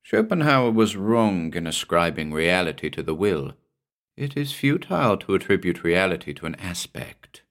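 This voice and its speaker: A man voicing a troubled, brooding man confined to an asylum, speaking in a slow, gentle, strained way. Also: sits low, big pitch swings, exaggerated voice.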